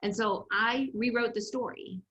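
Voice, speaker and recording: Woman coach with a bright, ringing voice, animated storyteller on a video call. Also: a little high, moderate pace, dull audio. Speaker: development coach. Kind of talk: online class presentation.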